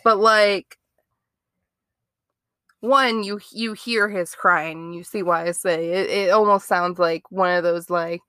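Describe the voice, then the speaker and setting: A woman's voice: fairly low pitch, fairly even intonation, slow, bright, forceful tone, clean tone, dry recording, clean studio sound. A woman hosting a true-crime podcast, chatting casually and reacting with disbelief. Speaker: podcast host.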